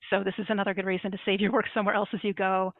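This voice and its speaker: A woman's voice: medium pitch, level tone, racing, no room sound. A woman presenting at an online information session, explaining practical steps in a plain way with frequent fillers. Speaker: grant program presenter. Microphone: video call. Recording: tinny phone-like line.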